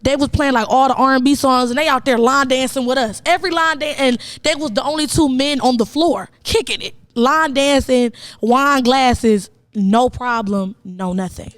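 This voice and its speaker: A woman's voice: high voice, moderate pace, hardly any pauses, no echo. A young woman from Cleveland co-hosting a podcast, chatting casually and telling stories animatedly, often acting out what other people said. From Cleveland, Ohio. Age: young adult. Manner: animated storyteller, acts out quoted voices. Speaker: podcast co-host. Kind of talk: casual chat.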